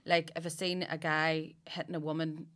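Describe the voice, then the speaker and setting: A Northern Irish woman chatting casually with a low-set but bright, forward voice. She tells stories with animation, swearing freely and laughing as she goes. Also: flat delivery, moderate pace. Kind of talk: casual chat, storytelling.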